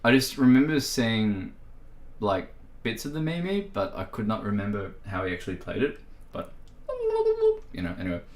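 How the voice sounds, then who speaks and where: A man's voice: lowish voice, lively intonation, moderate pace, long pauses. A man with an Irish accent chatting playfully on a music livestream, giggling and laughing often. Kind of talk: casual livestream chat. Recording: roomy echo.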